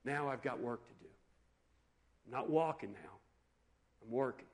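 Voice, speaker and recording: A man doing a calm steady teacher, low quiet voice, measured. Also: lightly acted. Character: calm, steady male teacher stopping still.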